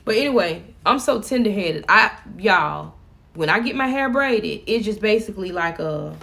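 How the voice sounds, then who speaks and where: Gravelly-voiced chatty woman vlogger. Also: medium pitch, lively intonation, normal speed, a bit bright. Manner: chatty, laughing, addresses viewers as y'all. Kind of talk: casual chat to viewers.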